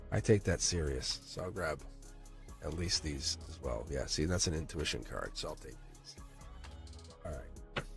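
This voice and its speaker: A man giving a livestream tarot reading, rambling and playful, chuckling often and talking straight to his chat. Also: lowish voice. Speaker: tarot reader.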